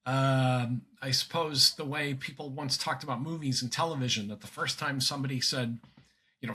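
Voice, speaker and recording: Bright, husky older man, emphatic. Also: mid-range voice, brisk. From United States. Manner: earnest, emphatic, with frequent restarts and fillers. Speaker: guest commentator. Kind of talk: conversational podcast interview.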